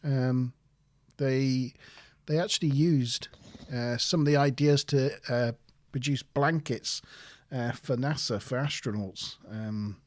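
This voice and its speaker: A man's voice: medium pitch, slow pace, no echo. A man from southwest England with a West Country accent, co-hosting a casual show in a rambling, hesitant, self-deprecating way. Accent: West Country English. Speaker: co-host. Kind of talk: casual podcast chat.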